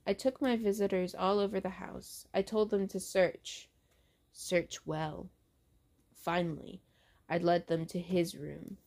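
A woman reads a horror story aloud at a slow, careful pace. Her voice has a gravelly fry, and she stumbles and restarts on words as she goes. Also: lowish voice, steady tone, a little mellow. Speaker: host reading books aloud.

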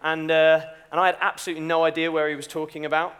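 A man's voice: fairly high pitch, little pitch movement, fast, fairly bright tone, clear, resonant tone. A young man giving a chatty, self-deprecating youth talk with a story. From Britain. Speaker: youth speaker.

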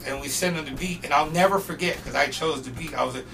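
A young man from North Portland, Oregon, guesting on a podcast and telling profane, animated stories full of acted-out quotes. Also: on the high side, quick pace, over music. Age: young adult. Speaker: guest rapper. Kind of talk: casual storytelling interview. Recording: distant mic with noisy background.

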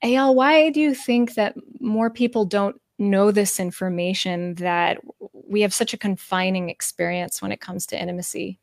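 A woman's voice: mid-range voice, steady tone, moderate pace, creaky, no echo, clean studio sound. A woman hosting a casual interview, speaking candidly and laughing often. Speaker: podcast host.

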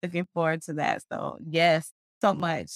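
Casting: woman podcast host, warm-hearted churchy chatter with frequent laughs, dry close sound. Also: low-pitched, level tone, measured pace, no room sound. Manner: affectionate, churchy, laughs often. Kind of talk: casual livestream outro chat.

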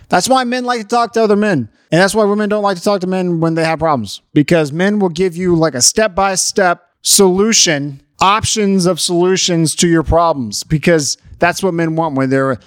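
A man's voice: on the high side, dry recording, clean studio sound. A man giving a profane, exasperated comedic rant, lecturing his audience on how to behave.

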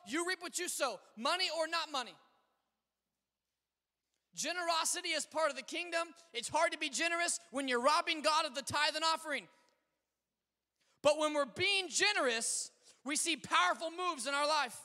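High, bright-voiced preacher man in a hall. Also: moderate pace. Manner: storytelling, animated, swings between shouting and quiet asides. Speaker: pastor. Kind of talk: sermon. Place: church sanctuary. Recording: long hall reverb.

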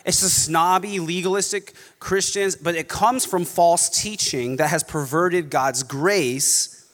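A man preaching a sermon, animated, mocking snobby voices now and then. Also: on the high side, slow pace, in a large hall. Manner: animated, mocks snobby voices in quoted asides. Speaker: pastor.

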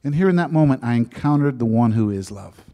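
A man in his fifties telling his conversion story as a sermon testimony, shifting from lively storytelling to soft, hushed moments. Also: medium pitch, a little fast. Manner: storytelling, drops to soft whispers at emotional moments. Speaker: preacher giving a testimony. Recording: long hall reverb.

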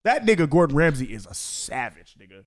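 A young man hosting a casual podcast chat, loud and profane, breaking into high yelling impressions. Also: sing-song, brisk.

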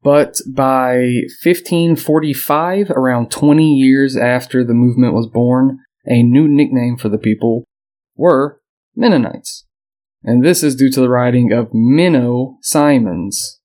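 A man's voice: medium pitch, unhurried, mellow. A man hosting a casual history podcast, reading his notes aloud and joking with his co-hosts. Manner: reads notes aloud, jokes and laughs with co-hosts. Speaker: podcast host.

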